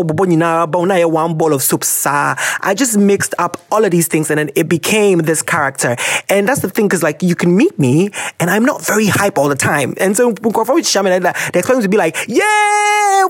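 A man's voice: dry recording, clean studio sound. A man with a Ghanaian English accent hosting a podcast, talking casually and expressively, wandering off on tangents. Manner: expressive, jumps between tangents, big pitch swings. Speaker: podcast host. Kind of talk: animated casual monologue.

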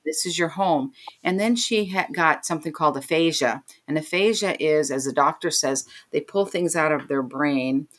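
In an interview, a middle-aged woman tells an emotional personal story, retelling scenes by voicing the people in them. She has a low-pitched voice and speaks at a moderate pace with few pauses.

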